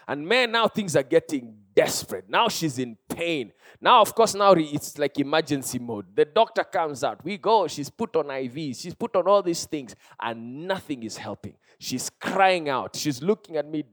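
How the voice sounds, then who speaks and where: A Kenyan pastor in his thirties delivers a sermon in a notably high voice. He preaches with passion, rising to loud cries and dropping to hushed storytelling. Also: expressive, normal speed, few pauses.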